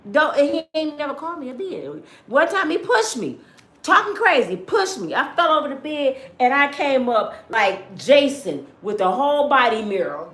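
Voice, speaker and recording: A woman from Michigan who hosts a livestream and tells her own stories to viewers in a blunt, animated, outspoken way. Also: sits high, normal speed, echoey room. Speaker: livestream host. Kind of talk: casual storytelling to viewers.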